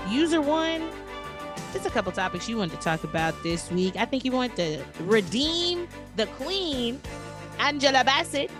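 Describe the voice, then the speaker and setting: A woman co-hosting a podcast, reading sponsor shout-outs in a playful, upbeat, sing-song way. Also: high voice, sing-song, normal speed, over music. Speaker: podcast co-host.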